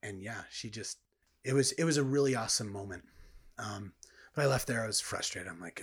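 A man's voice: on the low side, a little fast, fairly bright tone, breathy edge. A man earnestly telling his personal testimony as a guest in a conversation. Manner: earnest, reflective storytelling.

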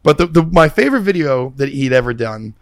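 Animated, swearing man telling stories. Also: mid-range voice, fairly quick, no room sound. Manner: animated storyteller, swearing, acting out voices. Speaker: podcast host. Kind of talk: casual storytelling chat.

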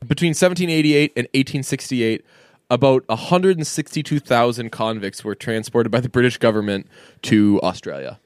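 A man's voice: medium pitch, moderate pace, clean tone, no echo, studio quality. A man co-hosting a podcast, chatting casually, rambling and swearing, laughing often. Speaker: podcast co-host.

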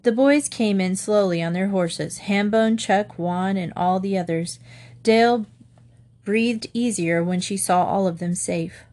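A woman narrating a children's western storybook in a steady, expressive reading. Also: fairly low pitch, unhurried. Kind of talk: storybook read-aloud.

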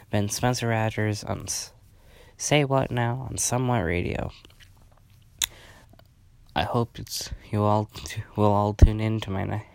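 A sleepy young man hosting his own casual podcast, rambling and halting with frequent restarts and yawns. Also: fairly low pitch, gravelly, no room sound. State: sleepy, yawning. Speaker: podcast host. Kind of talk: casual solo podcast chat.

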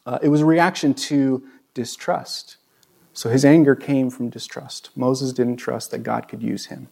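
Male pastor preaching in church, chatty, talks with the crowd, gravelly voice. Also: medium pitch, steady tone, unhurried, warm tone. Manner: conversational, asks the audience questions. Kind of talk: sermon.

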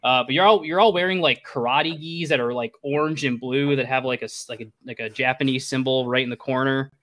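A man's voice: medium pitch, fairly even intonation, brisk, a bit bright. A man narrating a tabletop game as game master, rambling with many restarts.

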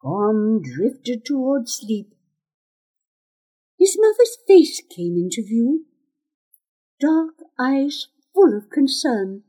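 A woman narrating a fantasy audiobook in a slow, expressive storytelling manner. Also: a little high.

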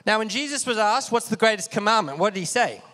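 A man's voice: high voice, lively intonation, fast talker, pushed and bright. A man preaching a sermon with lots of energy, calling on the congregation to repeat after him. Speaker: pastor. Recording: long hall reverb.

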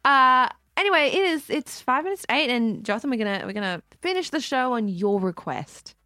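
A woman's voice: sits high, expressive, fairly quick, bright, forceful tone, dry recording, studio quality. A woman hosting a casual radio chat show, rambling a little and giggling through playful banter. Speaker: radio host.

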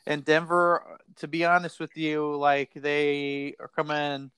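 A man's voice: on the high side, completely flat delivery, slow, bright, forceful tone, smooth, no room sound. A man hosting a casual fantasy basketball talk show, rambling and repeating words as he thinks. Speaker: fantasy basketball podcast host. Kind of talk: casual sports betting chat.

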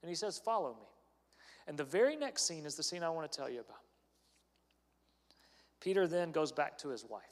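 A man's voice: fairly high pitch, animated, fairly quick, pauses often. A man preaching a sermon as a pastor, telling a story in an earnest way. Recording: long hall reverb.

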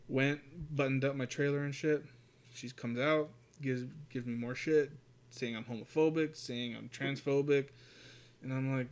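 A man's voice: medium pitch, steady tone, moderate pace. A man hosting a casual podcast chat, rambling through stories with lots of fillers and swearing. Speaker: podcast host.

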